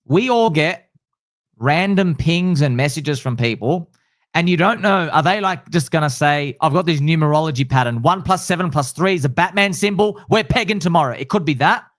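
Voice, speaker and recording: Excitable slangy male host. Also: a little high, normal speed, no echo, clean studio sound. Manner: excitable, slangy, acts out quotes. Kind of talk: casual chat.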